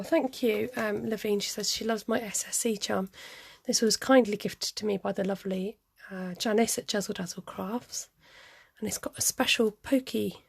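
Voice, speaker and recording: A woman's voice: fairly high pitch, creaky, a little mellow, a little hiss or hum. A middle-aged woman hosting a craft video, chatting casually and muttering to herself as she works, with the odd giggle. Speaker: craft vlogger. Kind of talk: casual chat while crafting.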